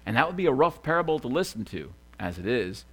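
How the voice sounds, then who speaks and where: A man preaching a sermon as a pastor, animated, swinging from loud excited bursts to quiet asides. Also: medium pitch, quick pace.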